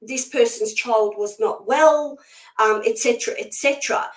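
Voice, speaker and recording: A woman's voice: a little high, moderate pace. A woman speaking as a spiritual medium guest in a casual conversation, blunt, emphatic and outspoken. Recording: echoey room sound.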